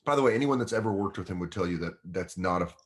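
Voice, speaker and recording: A man's voice: low voice, animated, fast. A man, a guest comedian in his thirties, telling a casual, profane story and acting out other people's voices.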